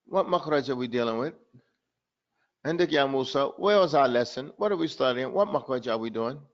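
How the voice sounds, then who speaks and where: A man's voice: mid-range voice, expressive, fast, highs cut off. A man teaching a tajweed class, calling on students by name and switching between Arabic and English. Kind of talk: classroom lesson.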